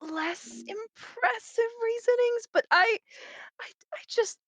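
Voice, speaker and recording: A woman's voice: very high voice, slow pace, no echo, pitched above the performer's own voice. A woman voicing a nervous, desperate young college student who stammers. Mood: stammering. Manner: stammering, then pleading.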